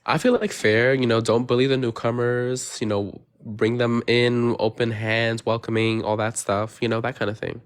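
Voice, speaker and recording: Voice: medium pitch, little pitch movement, normal speed, hardly any pauses. A guest on a live stream who chats casually and laughs often. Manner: giggly, chatty, often laughing. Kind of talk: casual chat.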